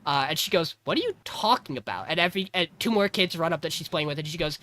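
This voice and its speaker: A man co-hosts a casual anime podcast, telling the plot with lots of laughs and putting on the characters' lines as he goes. His voice is bright, and the sound is dry, with no room behind it. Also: high voice, fairly quick, no room sound. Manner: animated storyteller who acts out characters' lines; laughs often. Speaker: podcast co-host. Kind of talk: casual anime podcast chat and episode recap.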